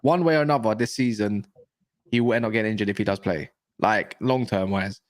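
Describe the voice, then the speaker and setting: A man's voice: lowish voice, brisk, dry recording, clean studio sound. A man co-hosting a casual football chat, blunt and opinionated with plenty of slang. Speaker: co-host.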